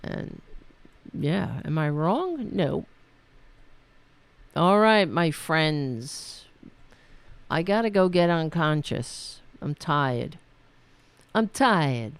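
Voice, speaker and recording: A woman hosting her own talk show, chatting loosely as she signs off, her voice worn and going hoarse. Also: lowish voice, no room sound. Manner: rambling, chatty, trails off and restarts. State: losing her voice. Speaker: podcast host. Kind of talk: casual talk show sign-off.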